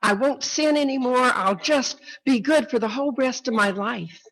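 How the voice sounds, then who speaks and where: A woman voicing a panicky man clinging to a cliff branch who shouts and pleads to be saved. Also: sits high, fairly even intonation, moderate pace, rough recording. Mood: pleading.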